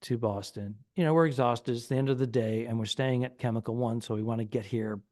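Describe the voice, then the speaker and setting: A comedy podcast co-host spins a long, rambling anecdote in casual conversation, acting out the people in it. He speaks fairly quickly in a warm, mid-range voice, captured in a dry recording with clean studio sound.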